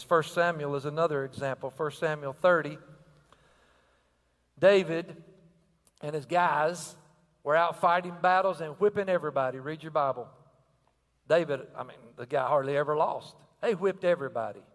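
Older guy preaching, high voice, big echoey church hall, punchy and rhythmic. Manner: energetic, rhythmic, asks the crowd questions. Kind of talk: sermon. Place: church sanctuary.

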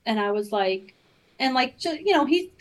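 A middle-aged woman from the Boston area shares her personal faith story as a guest on a podcast, speaking earnestly and with plenty of fillers. Her voice is high-pitched and very animated at a normal speed, though the audio quality is poor. It's a personal testimony given in a casual interview.

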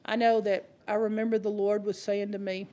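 A woman's voice: medium pitch, level tone, brisk, mellow, muffled recording. A woman preaching a sermon, talking straight to the congregation in a conversational, humorous storytelling way. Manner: conversational, addresses the congregation directly.

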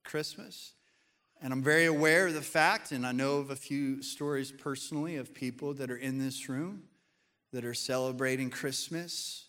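A male pastor, preaching a sermon and telling stories in an animated way to a church audience. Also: medium pitch, big-room sound. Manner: storytelling, animated, acts out quoted voices. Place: church sanctuary.

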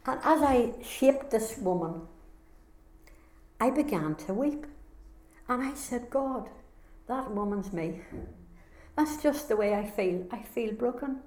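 A woman's voice: fairly high pitch, animated, slow, long pauses, a little mellow. A woman with a Northern Irish accent giving an earnest, heartfelt personal testimony as a conference speaker. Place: conference hall. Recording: echoey hall sound.

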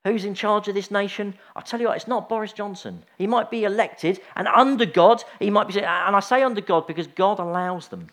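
A man's voice: high voice, fairly quick, hardly any pauses, fairly bright tone. Chatty man preaching informally. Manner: chatty, anecdotal, frequent restarts. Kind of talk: informal sermon.

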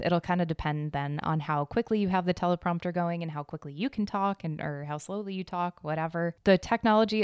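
A woman's voice: lowish voice, darkish tone, clear, resonant tone, no echo, studio quality. A woman hosting a casual news podcast, chatty and rambling, blunt and swearing now and then. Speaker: podcast host.

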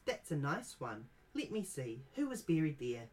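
A man doing a high, fussy old grandmother. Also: sing-song, distant mic. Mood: fondly chiding. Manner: gently chiding, drawn-out. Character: fussy elderly grandmother baking at home.

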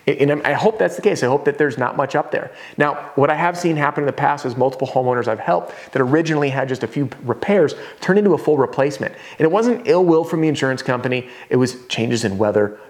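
An energetic man in his thirties talks through a sales lesson at a whiteboard. His voice sits in an ordinary middle range. He now and then slips into quick impressions of homeowners. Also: mid-range voice. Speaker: roofing sales trainer.

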